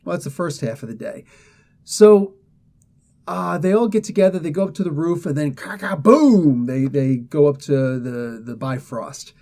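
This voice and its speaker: A man casually retelling a comic book story, animated and laughing, often slipping into the characters' voices. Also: fairly high pitch, normal speed.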